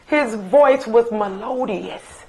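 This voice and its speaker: This is a middle-aged woman sharing memories of her late son in a recorded interview. She talks very slowly and deliberately, stressing the words that matter to her. Her voice sits at an ordinary mid pitch, and her storytelling is fond and personal. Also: poor audio. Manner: slow, emphatic reminiscing with fond asides.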